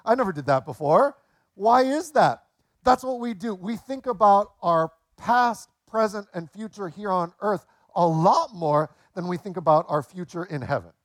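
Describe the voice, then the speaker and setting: A man in his late forties preaching a sermon in a relaxed, conversational way, telling jokes along the way. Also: high-pitched, moderate pace, no echo, clean studio sound. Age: 40s. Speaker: pastor.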